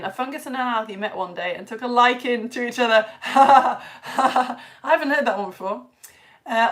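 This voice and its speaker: A woman's voice: fairly high pitch, fairly bright tone. Bubbly British woman teaching children. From United Kingdom. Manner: bubbly, reading out viewers' comments and greeting children by name. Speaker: science teacher. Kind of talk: live-streamed children's science lesson.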